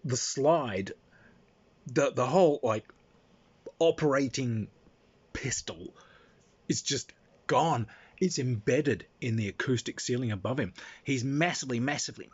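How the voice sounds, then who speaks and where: Husky man rambling through an anecdote. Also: mid-range voice. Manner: rambling, with many fillers and restarts. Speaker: storyteller. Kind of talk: casual spoken anecdote. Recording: dull lo-fi recording.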